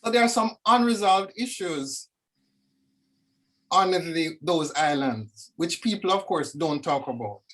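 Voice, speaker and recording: A woman from Jamaica, speaking reflectively as a guest over a video call, animated and storytelling. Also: lowish voice, a little slow. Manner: animated, lively storyteller with dramatic asides. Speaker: discussion guest. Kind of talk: reflective conversation.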